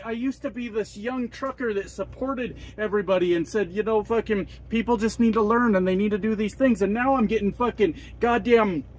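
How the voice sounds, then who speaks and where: Truck driver vlogger, male, 40s, fairly high husky voice, rambling and cursing in a heated rant. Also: fairly bright tone, rough recording. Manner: exasperated, swears constantly, rambling and repetitive.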